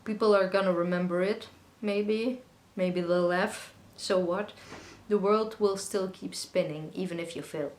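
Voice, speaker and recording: A woman's voice: mid-range voice, fairly even intonation, a little slow, a little mellow. A young woman, a singer-songwriter, answering viewer questions in a casual, rambling way with lots of fillers. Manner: chatty, rambling, with frequent fillers. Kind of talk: casual Q&A vlog. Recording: echoey room with faint music.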